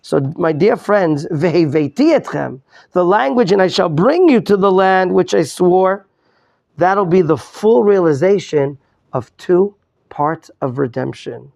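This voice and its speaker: Man, rabbi, Torah class, gravelly, questioning students, muffled recording. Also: high voice, unhurried, darkish tone. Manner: quizzes students, repeats questions, mixes in Hebrew terms. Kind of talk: interactive Torah lesson.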